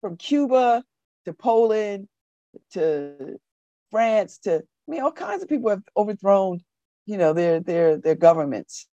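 A woman's voice: medium pitch, big pitch swings, measured pace, warm tone, no echo, lo-fi sound. A woman hosting a community radio show, giving casual, slangy commentary that repeats phrases for emphasis and breaks into laughter.

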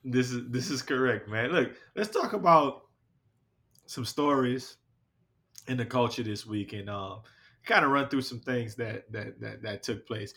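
Bright-voiced man hosting a podcast. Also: medium pitch, measured pace. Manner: rambling, with many fillers and restarts. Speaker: podcast host. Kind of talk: casual podcast chat.

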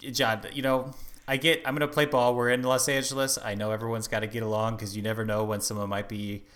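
A man co-hosting a comedy podcast, speaking in a prim, formal, deadpan way. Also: mid-range voice, fast talker. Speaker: podcast co-host.

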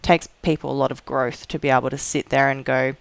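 This is a co-host in a relaxed podcast chat, rambling a little with plenty of likes and self-corrections. The voice comes across smooth and resonant, and the recording is close and dry. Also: mid-range voice, brisk, dry recording. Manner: chatty, lots of likes and restarts. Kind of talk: casual chat.

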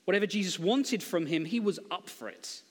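A man's voice: high-pitched, brisk, big-room sound. A man preaching a sermon in a conversational, humorous storytelling way, acting out quotes.

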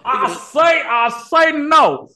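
A man putting on a pompous old Southern gentleman with a heavy American Southern drawl, repeating himself as he scolds. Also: extremely high pitch, sing-song, slow, crowd noise, pitched above the performer's own voice, exaggerated voice. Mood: blustering.

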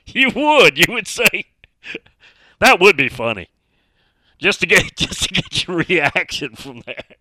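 A man's voice: high voice, big pitch swings, slow pace, long pauses, pushed and bright, dry recording. A middle-aged man hosting a sports talk radio show, speaking emphatically and reading out listener messages.

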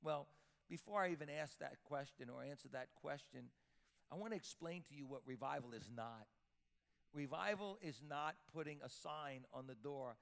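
A gravelly, fairly bright mid-range voice belongs to a pastor of Sicilian-Italian background who preaches with emphasis, building up through repeated words. The sermon rings out through a reverberant church hall.

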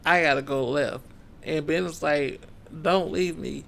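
A man co-hosting a relaxed book-club podcast recounts a story in easygoing slang, performing the characters' dialogue. He speaks at a measured pace in a fairly bright, somewhat high voice with vocal fry and fairly even intonation, and there's slight background noise.

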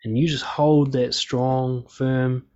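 A man's voice: medium pitch, fairly quick. Frank, profane man, lo-fi sound. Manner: frank and profane, calm and steady. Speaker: speaker on relationships and conflict. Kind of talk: casual monologue. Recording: slightly dull lo-fi sound.

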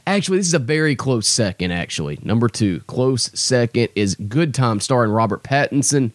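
A man's voice: medium pitch, expressive, a little fast, no echo. A young man hosting his own podcast, rambling in a casual, self-deprecating way with lots of fillers. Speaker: podcast host. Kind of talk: casual solo podcast chat.

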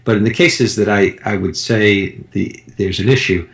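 A man's voice: fairly low pitch, fairly even intonation, moderate pace, creaky, a bit bright. A man in casual conversation, telling a rambling personal story with frequent restarts. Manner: rambling anecdotes with many restarts.

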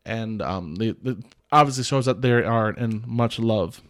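A man with a lowish voice speaks a little slowly as he hosts a podcast about a film. His recap is rambling and casual, riddled with filler "like"s and restarts, and he chuckles often.

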